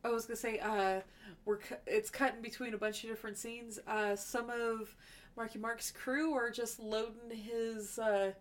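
A woman's voice: fairly high pitch, level tone, moderate pace. A woman co-hosting a casual podcast, chatty and agreeing, swearing freely. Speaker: podcast co-host. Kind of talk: casual chat.

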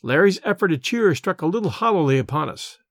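A man narrating an old novel in a measured, literary first-person reading. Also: a little high, expressive, no room sound, studio quality. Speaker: audiobook reader. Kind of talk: scripted narration.

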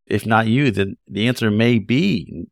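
A man who hosts a podcast and works as an OB-GYN physician, talking in a measured, reflective way. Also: on the low side, gravelly, no echo, clean studio sound. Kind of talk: casual podcast conversation.

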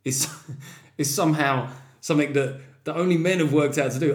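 A man's voice: fairly high pitch, fast. A man hosting a podcast, talking in a rambling, sweary and joking way. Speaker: podcast host, comedian. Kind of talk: casual monologue.

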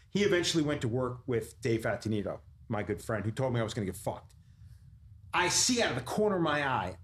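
Animated swearing man telling a story. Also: medium pitch. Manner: animated, swears constantly, acts out quotes. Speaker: tattoo artist telling a story. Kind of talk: profane storytelling on a podcast. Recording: roomy echo with faint noise.

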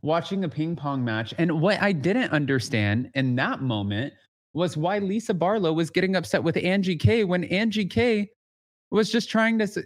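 Here the podcast host sounds high-pitched and animated, speaking at a normal speed. He keeps the recap casual, chatty and full of gossip, leaning heavily on the word "like."

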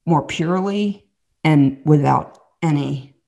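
A low-pitched woman with a Southern American accent talks casually about faith. Her delivery is earnest and chatty, and she acts out quotes as she tells her stories. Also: slow pace, vocal fry, a little mellow. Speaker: podcast host and guest storyteller.

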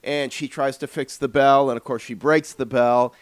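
Rambling, animated male podcast host. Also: medium pitch, normal speed, clear, resonant tone, dry recording. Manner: rambling, animated storyteller with filler words. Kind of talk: casual chat storytelling.

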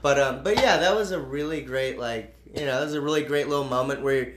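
A man's voice: medium pitch, fairly quick, background noise. Joking man reviewing a slasher film. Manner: jokey, swearing, acts out characters' lines. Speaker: podcast co-host. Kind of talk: casual movie review chat. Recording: roomy echo.

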